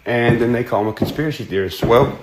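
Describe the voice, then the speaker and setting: Southern man, mid-pitched, blunt folksy monologue, steady noise behind. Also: fast. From American South. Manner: blunt, folksy, plain-spoken. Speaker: host. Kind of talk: casual monologue.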